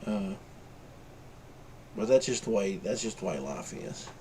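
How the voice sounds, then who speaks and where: A man with a low voice full of gravelly fry rambles through a casual vlog chat, drifting between rants and drawled asides. Faint background noise sits under his voice. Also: expressive, a little slow, dark tone. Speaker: vlogger.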